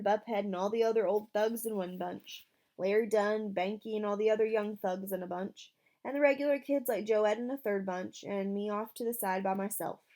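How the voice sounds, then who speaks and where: Woman reading a novel aloud. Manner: voices characters with shifts in pitch and loudness. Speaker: audiobook reader.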